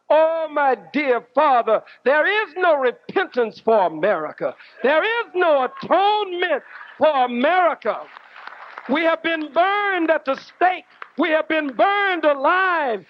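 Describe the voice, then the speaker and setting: A man preaching a fiery sermon, quoting scripture and repeating phrases for force. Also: extremely high pitch. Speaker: minister. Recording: dull lo-fi archive recording.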